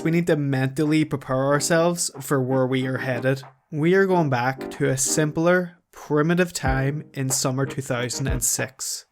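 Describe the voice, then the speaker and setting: A commentary vlogger talks through a scripted voice-over, slipping in dry, sarcastic jokes. The voice sits at an ordinary middle pitch, and background music plays steadily behind the narration. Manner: sarcastic, joking asides.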